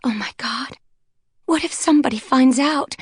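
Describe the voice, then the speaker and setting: A woman's voice: a little high, fairly even intonation, unhurried, darkish tone, husky, no echo, clean studio sound, pitched above the performer's own voice. A woman narrator voicing a frightened young blonde woman who pleads in a panicky, tearful way. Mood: alarmed.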